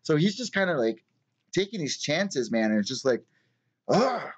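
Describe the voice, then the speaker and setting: A man's voice: a little high, very animated, fairly quick, dull audio. A man hosting a live-streamed fight news show from his small apartment, ranting and swearing a lot in casual commentary. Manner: profane, heated ranting. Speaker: MMA news show host.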